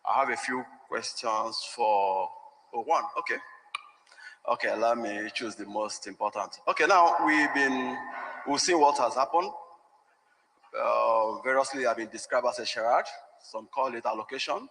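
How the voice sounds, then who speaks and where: Bright-voiced man in an echoing hall. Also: medium pitch, normal speed, slight background noise. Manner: formal, searching for words. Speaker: youth politics official asking questions. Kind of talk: press conference question.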